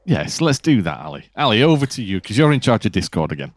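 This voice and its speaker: Low-voiced chatty podcast co-host. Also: male voice, very animated, fast talker, dry recording. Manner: chatty, explains things. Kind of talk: casual podcast chat.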